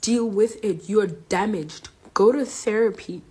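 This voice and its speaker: Husky young woman venting angrily. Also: medium pitch, a little slow, a little mellow. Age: young adult. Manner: angry, confrontational, addresses her mother directly. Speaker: student venting online. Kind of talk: emotional social media rant.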